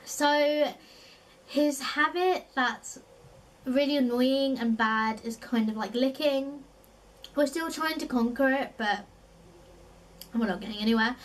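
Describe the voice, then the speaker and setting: A woman's voice: high-pitched, distant mic, low-quality recording. Chatty young London woman vlogger. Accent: South East London. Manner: chatty, lots of "like" fillers, laughs often. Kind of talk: casual chat.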